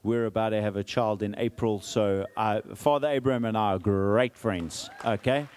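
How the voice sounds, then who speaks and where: Lower-pitched and at a moderate pace, this forties-aged pastor's sermon carries a long reverb tail. He animates the quotations himself and keeps asking "okay?" along the way.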